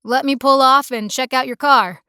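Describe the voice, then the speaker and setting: A woman's voice: sits high, fairly even intonation, normal speed, sharp tone, clean tone, dry recording, studio quality. A woman voicing a friendly young small-town male mechanic with a slight country drawl, easygoing and folksy.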